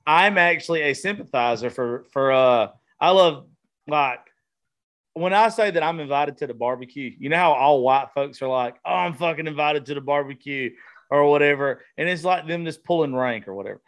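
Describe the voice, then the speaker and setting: A man's voice: on the high side, lively intonation, moderate pace, fairly bright tone. Profane Southern man, casual chat. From American South. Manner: loose, profane, rambling. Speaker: podcast host, comedian. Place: studio room with vintage decor.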